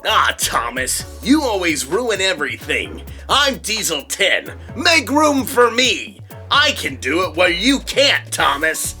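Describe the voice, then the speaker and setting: Man doing a slow, grumbling bully engine, kids' cartoon villain, bright tone, faint music underneath. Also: high-pitched, very animated, exaggerated voice. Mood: sneering. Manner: gruff, sneering, slow. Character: villainous adult male diesel engine, grumpy bully.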